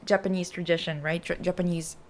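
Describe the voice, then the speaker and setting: A woman's voice: fairly low pitch, level tone, brisk. A woman co-hosting a casual chat about art, thinking aloud with many fillers and hedges. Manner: laughs easily, enthusiastic asides. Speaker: co-host.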